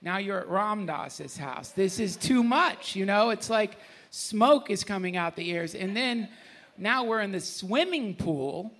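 A man telling an emotional personal story on stage at a retreat, animated, laughing, his voice sometimes breaking. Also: sits high, measured pace. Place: retreat gathering with an audience.

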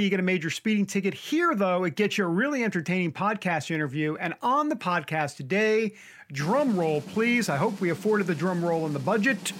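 A man's voice: high-pitched, fairly bright tone. A man with a New York accent hosting a podcast, talking in a chatty, jokey, rambling way with self-mocking asides. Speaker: podcast host.

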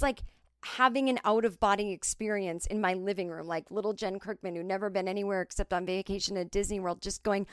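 A woman comedian telling a story in a casual, animated, profane and self-mocking way on a close mic. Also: mid-range voice, moderate pace, no echo. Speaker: comedian and podcast host.

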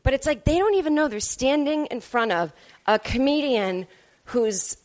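A woman's voice: sits high, expressive, moderate pace, a little mellow, no echo. A woman comedian hosting her podcast alone, telling a rambling story in a sarcastic, self-mocking way. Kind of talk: solo storytelling monologue. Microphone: podcast microphone.

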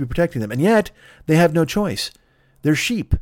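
A man's voice: a little high, lively intonation, moderate pace, a little mellow, dry recording. Male podcast host, rambling profane storyteller, dry close mic. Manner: rambling, profane, mock-grumbling retelling of a fable. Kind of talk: comic storytelling.

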